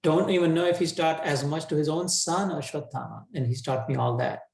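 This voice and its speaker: A man's voice: a little high, a little fast, gravelly, darkish tone. A man voicing an anguished young warrior prince who pleads with his mentor in a casual, incredulous way. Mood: pleading. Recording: roomy echo.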